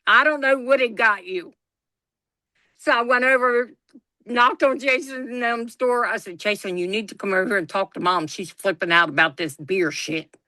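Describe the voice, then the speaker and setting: As a guest storyteller, a woman shares a family story in casual conversation, acting out everyone's lines and swearing freely. Her voice is bright and a little high, at normal speed, recorded close and dry without echo.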